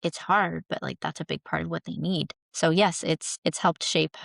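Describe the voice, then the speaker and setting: A woman in her thirties talks through ideas as a therapist guest on a podcast. Her voice sits low with a gravelly edge, and she speaks earnestly, restarting her thoughts as she goes. The sound is close and dry. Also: fairly even intonation, moderate pace, a bit bright, no echo. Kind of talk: conversational podcast interview.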